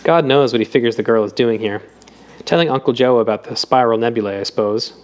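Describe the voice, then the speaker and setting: A man's voice: mid-range voice, fast talker, close to an everyday voice. A man voicing a breezy, condescending male doctor with a joking, patronizing manner in an audiobook reading. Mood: mocking. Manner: jocular, patronizing.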